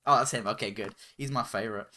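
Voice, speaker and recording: A man's voice: fairly low pitch, fast, sharp tone. An English man co-hosting a podcast, trading playful, mock-indignant banter over a remote call. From England. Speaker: podcast co-host. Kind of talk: casual podcast chat.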